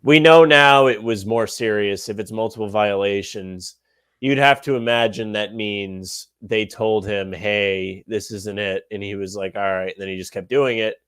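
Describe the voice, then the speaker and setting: A man co-hosting a sports podcast, talking in an opinionated, animated rant. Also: fairly low pitch, normal speed, smooth, no room sound. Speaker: podcast co-host. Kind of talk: casual sports podcast chat.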